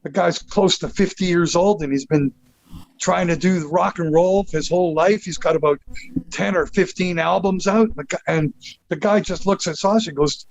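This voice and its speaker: High gravelly man telling a profane tale. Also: normal speed, dull audio. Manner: profane, animated anecdote telling. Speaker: guest. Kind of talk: storytelling in a podcast interview.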